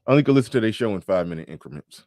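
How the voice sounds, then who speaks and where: A man's voice: on the low side, animated, racing, darkish tone, no room sound, clean studio sound. Loose-talking male show host. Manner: loose, rambling, with stammered restarts. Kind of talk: casual livestream commentary.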